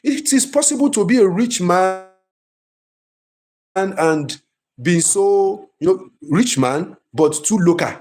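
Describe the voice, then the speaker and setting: A man's voice: high voice, takes it slowly. A man teaching a live class on film scriptwriting, emphatic and repetitive. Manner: lively, emphatic, repeats himself.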